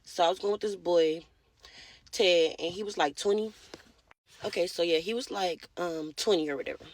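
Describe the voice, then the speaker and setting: A woman's voice: lowish voice, normal speed. A woman casually opening a storytime, blunt and unbothered.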